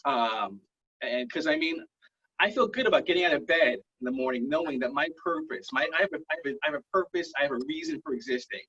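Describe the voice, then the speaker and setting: Man, stand-up comedian, video call, bright breathy voice, rambling self-mocking jokes. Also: on the high side, sing-song, fast talker. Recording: muffled lo-fi online call audio.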